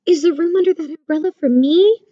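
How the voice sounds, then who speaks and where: A woman's voice: very high voice, a little fast, dark tone, no room sound, dull audio, voice pushed up. Woman voicing a small timid mole. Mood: sad. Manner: small, pleading.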